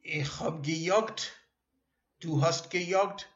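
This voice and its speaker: Slow-paced man teaching a language lesson. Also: fairly high pitch. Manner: patient, repeats and corrects himself, hesitant fillers. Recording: echoey room, dull lo-fi sound.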